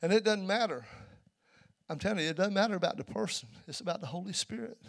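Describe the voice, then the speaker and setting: A man preaching a sermon in a church, telling a story and building to loud, emphatic peaks. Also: high voice, quick pace, gravelly.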